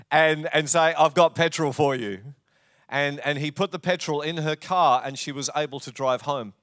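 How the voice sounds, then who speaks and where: Australian pastor preaching with a clear voice. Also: male voice, a little high, dry recording, clean studio sound. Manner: jokey, storytelling, warm asides. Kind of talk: sermon. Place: church.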